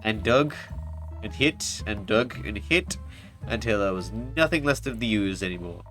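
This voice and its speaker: A man's voice: lowish voice, lively intonation, measured pace, fairly bright tone, soft background music. A man voicing a boastful male dwarf miner in a video game, telling his tale heartily in a put-on folksy voice that says "me" and "ye". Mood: gruff.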